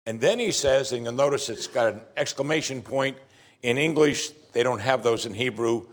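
A man preaching a sermon from the pulpit. He swings between loud, stressed declarations and quiet, confiding asides. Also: mid-range voice, animated, normal speed. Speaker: pastor.

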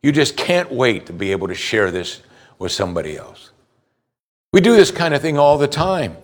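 A man's voice: medium pitch, very animated, moderate pace. Conversational male pastor preaching. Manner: conversational preaching, asks the congregation direct questions; repeats words when starting a thought. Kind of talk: sermon.

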